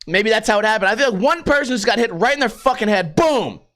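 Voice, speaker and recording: A man's voice: high-pitched, expressive, quick pace, fairly bright tone. A man hosting a solo podcast, ranting casually and profanely and throwing in put-on voices. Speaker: podcast host.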